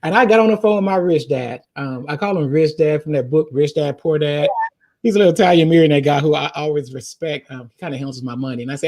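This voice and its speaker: Excitable man telling a story. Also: fairly high pitch, quick pace. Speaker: guest. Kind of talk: podcast interview.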